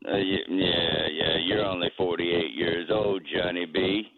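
A man's voice: deep voice, fairly even intonation, measured pace, vocal fry, dry recording. A man calling in to a radio show, teasing the host and repeating himself. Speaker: caller. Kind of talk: joking call-in banter. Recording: phone line over loud crowd.

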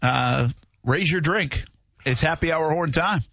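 A man's voice: a little high, a little slow, gravelly, dull audio, heavy background noise. A man hosting a sports radio show, chatting easily with his co-hosts and reading out listener messages from a studio microphone. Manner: easygoing, chuckling, reads listener messages. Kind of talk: casual sports talk radio banter.

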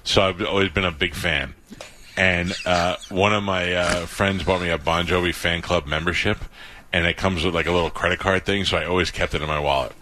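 A man's voice: low-pitched, fairly even intonation, brisk, pushed and bright, a little hiss or hum. A middle-aged man from New York, a radio host, chatting loosely with lots of likes. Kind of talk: casual talk radio chat.

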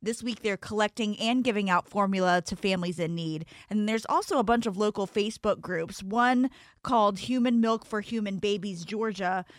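A woman co-host reads a morning news segment in an easygoing, conversational manner. Her voice sits at a middle pitch and sounds close and dry, with no room sound. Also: moderate pace, no room sound. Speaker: radio co-host reading news. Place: radio studio.

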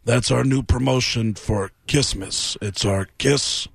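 A man doing an impression of a stingy male rock bassist with a slow, flat salesman tone. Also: gravelly, breathy edge, no room sound, full character voice. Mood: smug.

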